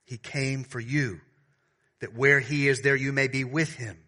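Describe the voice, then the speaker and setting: Bright-voiced preacher swinging loud to hushed. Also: male voice, mid-range voice, fairly even intonation, a little slow. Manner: addresses the congregation as beloved. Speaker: pastor. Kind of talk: sermon.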